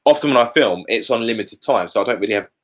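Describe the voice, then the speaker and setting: Animated British man chatting live. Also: mid-range voice, quick pace. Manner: chatty, candid and animated, with colourful asides. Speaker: car YouTuber hosting a live Q&A. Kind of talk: casual live Q&A chat. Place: at home.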